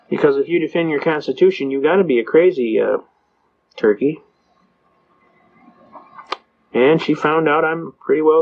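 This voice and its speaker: Older man, folksy lecture, lo-fi sound. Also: a little high. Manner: folksy storyteller, acts out dialogue in quotes. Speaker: seminar speaker on constitutional rights. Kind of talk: folksy anecdotal lecture to a live audience. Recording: dull lo-fi recording.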